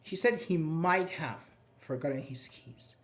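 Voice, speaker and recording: A man teaching a grammar class live, talking in a loose, chatty way and asking his students questions. His voice sits a little higher than most men's, and he keeps praising students by name as they answer. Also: unhurried. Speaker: English teacher.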